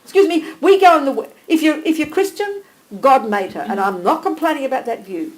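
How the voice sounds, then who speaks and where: A woman teaching a small group live, animated and direct, checking in with listeners by name and calling them darling. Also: high voice, a little fast, rough recording. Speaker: Buddhist teacher.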